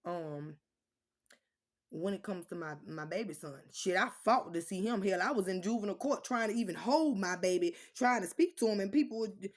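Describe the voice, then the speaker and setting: An adult woman with kids vlogs a casual chat to her viewers, ranting bluntly with plenty of cussing and animated storytelling. Her voice is medium in pitch at a moderate pace.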